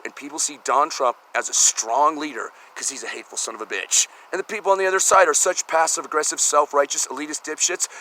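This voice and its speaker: A man's voice: fairly high pitch, sharp tone, slight background noise, rough recording. A middle-aged man delivering a profane, sarcastic comedic rant, exasperated and blunt. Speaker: vlogger.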